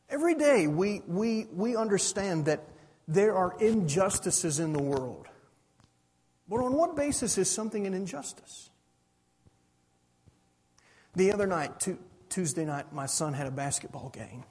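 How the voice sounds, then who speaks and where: A man's voice: high-pitched, sing-song, unhurried, long pauses, a little mellow, breathy edge. A middle-aged man preaching a sermon, pressing his points with rhetorical questions and asking "you understand that?". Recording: reverberant hall.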